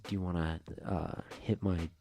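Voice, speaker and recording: A man doing a slow, weepy stoner guy. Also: sits low, flat delivery, warm tone, faint music behind, lightly acted. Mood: laid-back. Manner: slow, drawn-out stoner talk. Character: stoned, slow-witted male customer, weepy.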